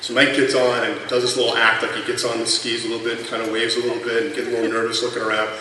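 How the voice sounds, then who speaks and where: A man in his thirties tells chatty stories at a tribute panel, his voice filling a big, booming convention hall. He sounds distant from the mic. A noisy crowd murmurs behind him. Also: completely flat delivery, rapid-fire, bright, forceful tone. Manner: chatty, lots of fillers, laughs through the punchlines. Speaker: former colleague sharing memories. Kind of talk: anecdotal storytelling at a tribute panel. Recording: echoey hall from far off, noisy room.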